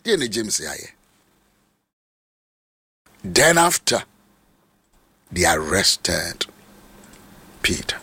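Shouting, gravelly Ghanaian preacher. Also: male voice, low-pitched, big pitch swings, drawn-out words, long pauses, dry recording. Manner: shouting, sing-song preaching with repeated phrases. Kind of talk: sermon.

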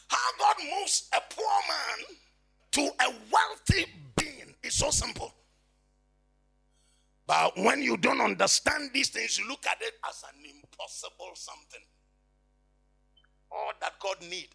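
A man preaching an impassioned sermon, swinging between quiet reading and shouting. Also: very high-pitched, lively intonation, unhurried, creaky, pauses often, slightly rough, soft background music.

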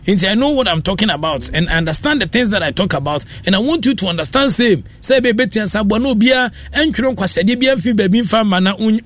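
A man's voice: sits high, expressive, quick pace, few pauses, fairly bright tone, a little hiss or hum. A Ghanaian man hosting a radio show, giving rambling casual commentary that mixes Akan and English.

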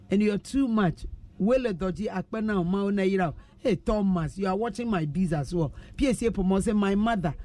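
A woman's voice: mid-range voice, dark tone, no room sound. A Ghanaian woman hosting a radio show, chatting playfully and reading out listener messages. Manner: playful, teasing, laughs often. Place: radio studio.

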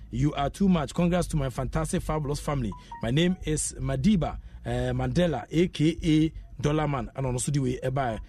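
Chatty Ghanaian radio host, higher voice. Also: male voice, warm tone. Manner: chatty, laughing, mixing in local phrases. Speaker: radio sports show host. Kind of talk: reading listener messages on air. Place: radio studio.

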